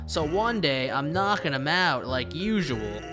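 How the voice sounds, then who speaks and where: A man's voice: fairly high pitch, big pitch swings, music in the background. Sans, a man doing a drawling lazy skeleton. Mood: easygoing. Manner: slow southern-tinged drawl. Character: laid-back joking male skeleton. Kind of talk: reading game dialogue aloud.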